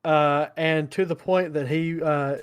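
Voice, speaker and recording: A man's voice: on the high side, fairly even intonation, unhurried, smooth. Rambling man on a casual podcast. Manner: rambling, laughs at own stories. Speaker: podcast co-host. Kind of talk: casual chat.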